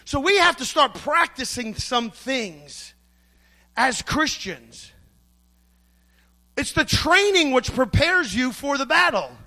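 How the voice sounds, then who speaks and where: A man's voice: extremely high pitch, sing-song, slow pace, pauses often, sharp tone. A middle-aged man preaching a sermon, emphatic and storytelling, acting out the voices he quotes.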